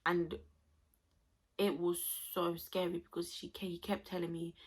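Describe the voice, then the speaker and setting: A woman's voice: lowish voice, flat delivery, unhurried, breathy edge. A young woman, chatting expressively to camera as she tells a personal story to her viewers. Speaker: vlogger.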